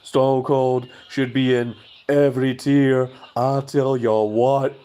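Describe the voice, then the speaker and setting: A man putting on a gruff, swaggering male wrestler, talking tough in a slow, loud drawl. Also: medium pitch, little pitch movement, close to an everyday voice.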